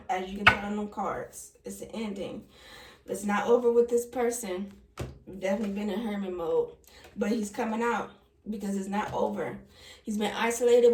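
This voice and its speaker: A woman's voice: medium pitch, slight background noise. A young woman reading tarot cards in a casual, emotional way, often laughing. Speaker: tarot reader. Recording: echoey room, voice from a distance.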